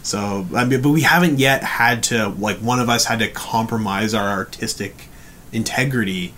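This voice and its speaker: A man's voice: lowish voice, normal speed, sharp tone, a little hiss or hum. A laid-back Canadian man co-hosting a casual chat about music, often agreeing with short replies. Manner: laid-back, frequent agreeing "yep" and "mm-hmm". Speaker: podcast co-host.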